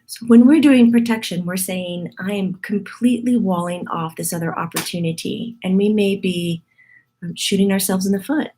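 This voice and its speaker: A woman medium gives her group a casual, chatty spiritual teaching talk, her husky morning voice broken by playful, laughing asides. Her voice is mid-range and mellow, at a normal speed.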